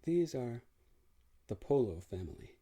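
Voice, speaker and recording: A man's voice: medium pitch, big pitch swings, measured pace, warm tone, husky. A man voicing a brusque, world-weary crusader prince. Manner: blunt and sardonic. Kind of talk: audiobook character reading.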